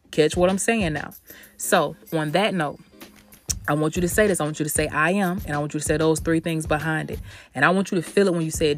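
A woman hosting a motivational podcast from a studio, talking emphatically and affectionately to her listeners, calling them baby and honey. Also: lowish voice. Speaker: podcast host. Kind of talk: motivational talk.

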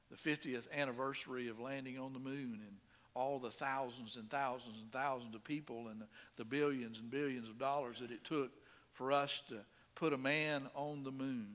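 A middle-aged male pastor preaching a sermon in an earnest manner, swinging between quiet asides and emphatic stresses. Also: medium pitch, long reverb tail.

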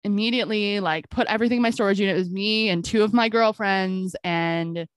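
A woman's voice: mid-range voice, brisk, smooth, no room sound. A woman co-hosting a podcast, telling a story in casual chat and acting out the back-and-forth of a conversation. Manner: animated storytelling, acting out quoted exchanges with frequent "I'm like". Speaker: podcast co-host.

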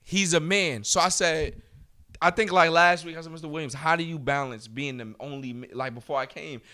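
A man's voice: a little high, steady tone, brisk, bright, forceful tone. A man, chatting casually and telling stories in loose, profane slang. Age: 30s. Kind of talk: casual chat.

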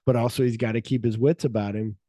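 A man co-hosting a podcast, chatting casually about a film, rambling and acting out scenes in quick quoted voices with free swearing. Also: medium pitch, fairly even intonation, mellow, dry recording. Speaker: podcast co-host.

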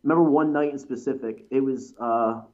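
A man's voice: mid-range voice, brisk, darkish tone, lo-fi sound. A man, a pro wrestler, telling stories in a casual interview with lots of fillers and restarts. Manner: rambling storyteller, many fillers and restarts. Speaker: pro wrestler, tag team champion.

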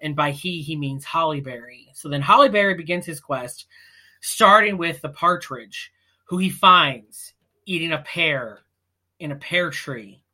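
Low-voiced sarcastic woman. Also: expressive, measured pace, sharp tone. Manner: sarcastic, blunt, mocking. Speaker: podcast co-host. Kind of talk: casual recap chat.

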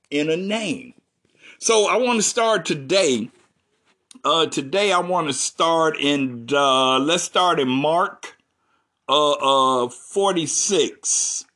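A pastor delivers a sermon in a husky, somewhat high voice. He talks in a folksy, conversational way, reads Bible verses aloud and turns to ask his congregation questions. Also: a bit bright.

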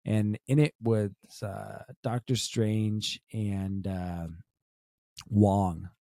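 A man's voice: on the low side, steady tone, drawn-out words, creaky, mellow, dry recording, studio quality. A young adult man co-hosting a podcast, chatting casually and rambling with many restarts and fillers. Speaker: podcast co-host. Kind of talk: casual chat.

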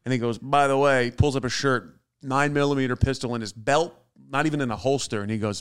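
A man's voice: medium pitch, fast talker, few pauses, clean tone. A man telling stories as a guest comedian on a casual podcast, laughing and acting out the people in them. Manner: laid-back storyteller, laughing, acting out quoted people.

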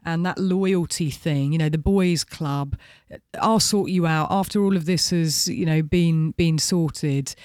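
A man with a high voice co-hosts a casual podcast chat. He retells events with animation and often acts out quoted lines. The sound is dry and close. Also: unhurried, darkish tone, smooth, dry recording. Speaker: podcast co-host. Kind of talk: casual chat recounting a documentary.

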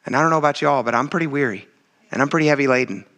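A man preaching a sermon in a casual, conversational way, often turning to his listeners and building to loud exclamations. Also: medium pitch, very fast. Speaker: pastor.

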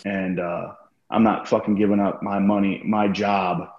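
Deep-voiced man swearing through a story. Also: level tone, a little slow. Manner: profane, acts out quoted dialogue. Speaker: podcast guest, former wrestler. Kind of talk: casual storytelling interview. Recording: roomy, dull lo-fi sound.

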